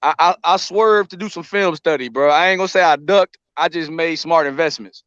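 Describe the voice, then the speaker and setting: A man's voice: fairly high pitch, fairly quick, a bit bright, dry recording. A man on a group call, teasing and joking with friends, stumbling over his words in casual banter. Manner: teasing, joking, stuttering restarts. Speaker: guest on the call. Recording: dull, lo-fi call audio.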